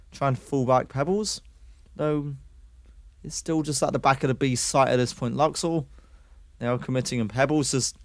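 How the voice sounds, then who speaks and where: Man casting an esports match, excitable. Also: medium pitch, dry recording. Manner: excitable, jumps up on kills, chats with stream viewers. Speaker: esports caster. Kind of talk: play-by-play commentary.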